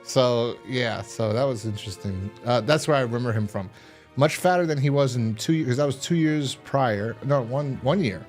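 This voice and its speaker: A young man hosts a laid-back podcast review at an ordinary pace over quiet background music. He wanders off topic, curses, and acts out scenes using high-pitched voices.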